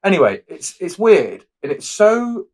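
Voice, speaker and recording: A man co-hosting a podcast in casual chat, opinionated and prone to quick rants. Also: sits high, big pitch swings, darkish tone. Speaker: podcast co-host.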